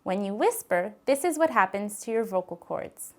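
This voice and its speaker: A woman giving calm, clearly spoken scripted narration for an instructional voice-care video. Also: medium pitch, moderate pace.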